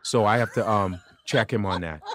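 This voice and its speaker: A man guest on a podcast, a comedian telling profane, animated stories in casual chat and putting on voices of the people in them. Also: lowish voice, normal speed, dry recording.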